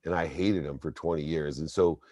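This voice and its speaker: Guest, middle-aged man, very deep voice, dry close sound, emphatic storyteller. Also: fairly even intonation, brisk, darkish tone, no echo. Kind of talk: storytelling interview.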